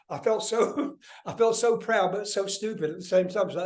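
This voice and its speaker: A man's voice: high-pitched, fairly quick, few pauses. An older man, a guest musician, telling stories in a casual interview, swearing freely and acting out other people's voices. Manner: animated, swears freely, acts out voices in anecdotes.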